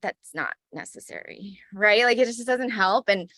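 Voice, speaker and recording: A woman's voice: mid-range voice, moderate pace, bright, forceful tone, dry recording, studio quality. A woman co-hosting a parenting podcast, talking in a reflective, affirming way and often checking in with "right?". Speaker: podcast co-host. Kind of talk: casual conversational chat.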